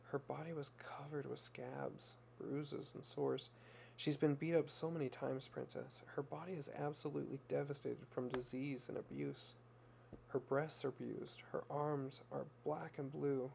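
A man's voice: mid-range voice, steady tone, moderate pace, vocal fry, darkish tone, a little hiss or hum. A man voicing a compassionate woman who recounts caring for someone in a tender voice heavy with emotion.

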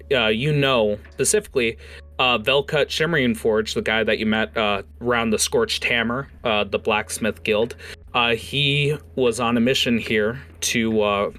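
A man narrating as game master of a tabletop game, halting often with fillers and self-corrections. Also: medium pitch, fairly even intonation, bright, forceful tone.

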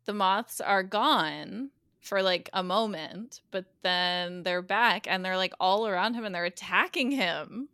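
A woman's voice: mid-range voice, clear, resonant tone, no echo. A woman co-hosting a podcast, recapping a TV episode in casual chat and acting out the characters' lines. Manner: animated storyteller, acts out lines with quick voice shifts. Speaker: guest co-host recapping a TV episode.

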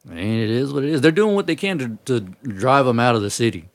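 A man's voice: medium pitch, big pitch swings, fast, no echo. A man hosting a podcast, laid-back and joking in casual chat. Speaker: podcast host.

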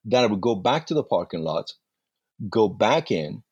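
Husky man telling stories. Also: on the low side, normal speed, no room sound, dull audio. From Iran. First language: Farsi. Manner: animated anecdotes with acted-out dialogue. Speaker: interview guest, actor. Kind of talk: casual storytelling.

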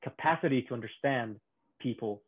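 A man's voice: mid-range voice, moderate pace. Rambling man on a tinny call line. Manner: rambling, many restarts, laughs often. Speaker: podcast co-host on a call. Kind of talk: casual chat. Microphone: remote call. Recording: tinny phone-like call audio.

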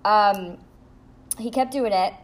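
A young woman with a mid-range voice hosts a casual podcast from home, taking it slowly as she tells a story. She vents bluntly and candidly, with plenty of swearing.

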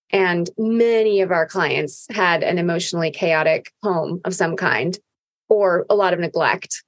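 A woman hosting a podcast, speaking candidly and earnestly about personal experience in a casual conversation. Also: fairly low pitch.

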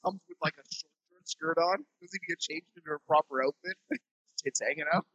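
Man, podcast co-host, high voice, casual joking chat, frequent laughter, crude language, dry close sound. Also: fairly quick, breathy edge, dry recording, dull audio. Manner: laughs often, swears freely, joking and animated. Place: temporary studio.

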